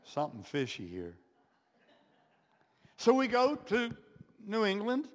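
A man telling a personal story as a sermon, animated, with dramatic pauses and playful sound effects. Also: sits high. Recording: echoey hall with long reverb.

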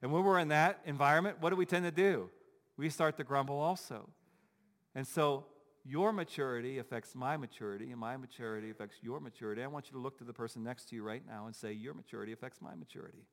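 A pastor preaching a sermon in a church, emphatic and repetitive, full of rhetorical questions. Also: male voice, medium pitch, fast talker, big-room sound. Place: church sanctuary.

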